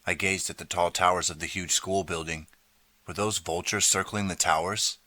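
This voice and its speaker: A man's voice: low-pitched, steady tone, moderate pace, pushed and bright, no echo. A man reading a children's horror story aloud as an audiobook narrator, in dramatic first-person storytelling. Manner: dramatic storytelling, turns pleading for the boy's lines.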